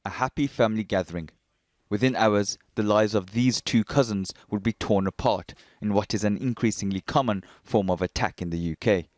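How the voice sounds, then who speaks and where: A male reporter reading scripted news narration in a measured, matter-of-fact way. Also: fairly low pitch, a little mellow, no echo, studio quality.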